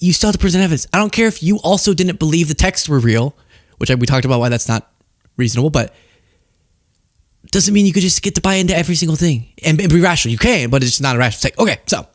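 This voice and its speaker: A man's voice: high voice, no echo, clean studio sound. A man hosting a commentary podcast, ranting in an emphatic way and laughing often. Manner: animated, emphatic, laughs a lot. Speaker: podcast host.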